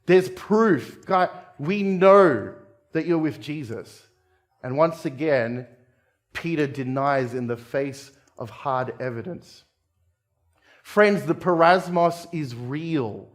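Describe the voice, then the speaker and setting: A man's voice: mid-range voice, takes it slowly. An Australian man preaching a sermon in church, talking earnestly and conversationally to his listeners as guys and friends.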